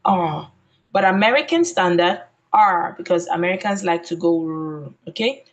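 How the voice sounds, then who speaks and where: A woman training teachers in phonics, modelling letter sounds slowly and deliberately and checking in with "okay?". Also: on the low side, expressive, poor audio. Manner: ends points with a questioning "okay?".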